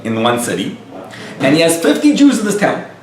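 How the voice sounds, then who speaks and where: A man who is a rabbi tells a story to a live audience in a lively way and acts out the dialogue. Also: fairly high pitch, brisk, slight background noise. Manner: animated storyteller acting out quoted dialogue. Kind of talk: storytelling lecture. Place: lecture room with a live audience. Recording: echoey room, picked up from a distance.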